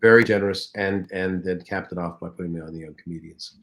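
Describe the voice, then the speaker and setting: Sitting in as a guest for a laid-back interview, a man who works in comedy and voice acting spins anecdotes with plenty of life. His voice is low and his pace quick.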